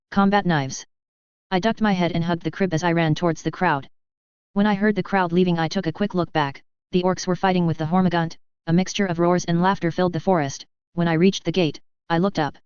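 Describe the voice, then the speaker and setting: A woman narrating a first-person fan fiction story in a steady, plain manner. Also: fairly low pitch, clean tone, no room sound, lo-fi sound.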